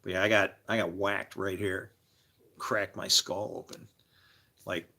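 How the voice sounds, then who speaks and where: A man livestreaming, telling rambling personal stories in a loose, animated way, laughing and swearing freely as he jumps between tangents. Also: lowish voice. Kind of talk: casual rambling storytelling.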